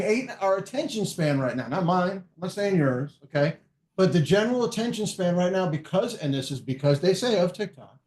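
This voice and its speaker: A man telling profane, animated stories as a guest in a casual podcast chat. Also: high voice. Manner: animated, profane, acts out quotes. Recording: echoey room.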